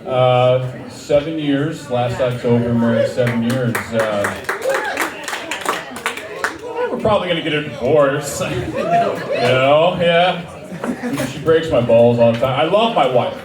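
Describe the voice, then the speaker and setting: A middle-aged man doing a stand-up set in a small dive bar, talking in a rambling, self-deprecating way with halting restarts. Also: medium pitch, recorded from a distance, very noisy. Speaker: stand-up comedian. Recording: roomy bar sound from off-mic with audience. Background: crowd laughter.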